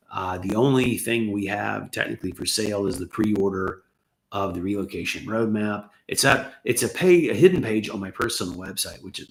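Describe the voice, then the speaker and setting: A rambling American man with a faint Southern accent under a Los Angeles one, talking casually on a livestream. His voice sits low and gravelly, worn from a lot of talking, and he keeps slipping in self-deprecating jokes. He is recorded in an echoey room. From United States. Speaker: channel host answering viewer questions. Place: his home.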